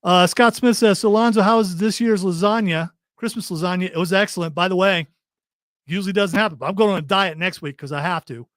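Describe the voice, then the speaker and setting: Joking Ohio podcast host, slightly high. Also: male voice, a bit bright, no room sound, clean studio sound. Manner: joking, rambling, quick to laugh. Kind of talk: casual chat reading stream comments.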